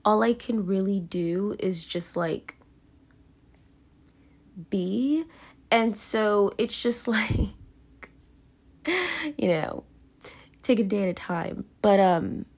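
On her own podcast, a young woman delivers a casual confessional monologue about her feelings, rambling self-consciously with plenty of fillers and restarts. She talks slowly, pausing often, in a mid-range voice that is a little mellow.

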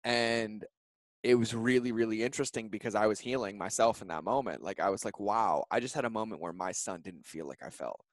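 Brief: thirties male guest, low and heartfelt, close dry mic, earnest run-on storytelling. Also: fairly quick, no echo. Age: 30s. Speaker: podcast guest. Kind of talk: emotional personal storytelling.

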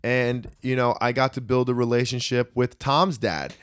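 Male coach, earnest reflective talker, mid pitch, dry close recording. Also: steady tone, moderate pace, clear, resonant tone, no echo. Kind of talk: casual conversation.

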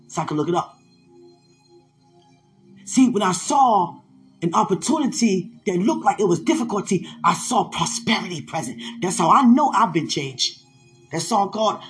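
Fervent high-voiced male preacher. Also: lively intonation, normal speed, faint music behind. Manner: fervent, emphatic, laughs at times. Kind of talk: sermon-style podcast talk.

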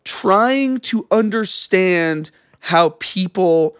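A man's voice: sits high, lively intonation, drawn-out words, fairly bright tone, smooth, dry recording, studio quality. A young man co-hosting a podcast, chatting casually and animatedly, rambling and swearing freely. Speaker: podcast co-host. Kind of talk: casual chat.

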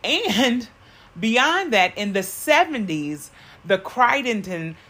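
A woman's voice: a little high, sing-song, slow pace, pushed and bright. A woman co-hosting a podcast in a car, talking in a rambling way with many fillers and self-corrections. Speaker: podcast co-host. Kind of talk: casual podcast chat.

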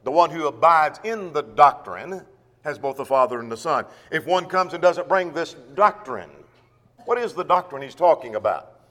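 A man's voice: fairly high pitch, a bit bright, in a large hall. A man preaching a Bible sermon, teaching verse by verse and repeating key phrases for emphasis. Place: church.

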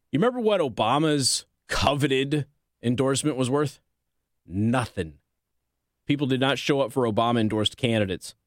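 In a studio-quality recording with no room sound, a medium-pitched man hosts a political commentary show. He reads news pieces aloud and keeps interrupting them with snarky, combative remarks.

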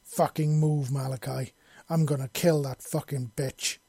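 A man's voice: medium pitch, flat delivery, a little slow, husky, no room sound. A man voicing a furious vengeful young woman. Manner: shouting, snarling threats.

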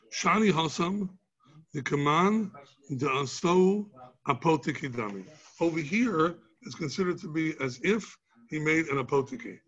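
A man's voice: fairly high pitch, slightly rough, muffled recording. A man teaching a Talmud class, explaining each step with examples and rhetorical questions.

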